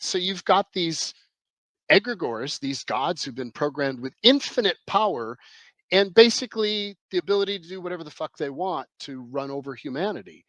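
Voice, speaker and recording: A man's voice: on the high side, expressive, moderate pace, fairly bright tone, dry recording, poor audio. A man explaining his ideas as a podcast guest, in a rambling, emphatic way with many restarts. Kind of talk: conversational explanation.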